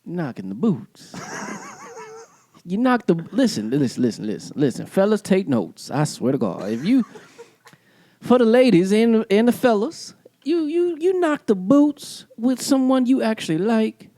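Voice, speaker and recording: A man's voice: high-pitched, wildly swooping pitch, unhurried, mellow, dry recording. A man co-hosting a casual podcast, playful and teasing, often breaking into laughs. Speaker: podcast co-host. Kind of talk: casual banter.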